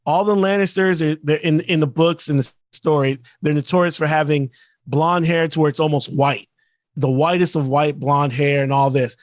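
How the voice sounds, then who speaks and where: His voice sits on the high side with no echo. Co-hosting a podcast, he rants in casual conversation and mocks actors in quick, put-on quotes.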